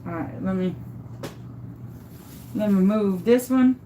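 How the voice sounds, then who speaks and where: This crafter's medium-pitched, mellow voice moves slowly as she shows epoxy tumbler making in a relaxed tutorial, chatting, reasoning aloud and frequently gushing. The recording is rough, with a little hiss or hum.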